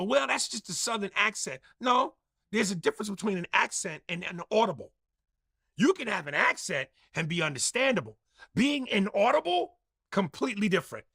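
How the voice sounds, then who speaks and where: Animated, gravelly man arguing. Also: sits high, no room sound, clean studio sound. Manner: emphatic, profane, mimics others' speech. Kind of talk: animated casual debate.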